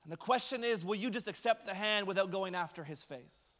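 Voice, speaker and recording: A male pastor with a high voice preaches in a relaxed, conversational way, slipping light humor into his storytelling. His words ring out with the long reverb of a church hall. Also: brisk. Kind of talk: sermon.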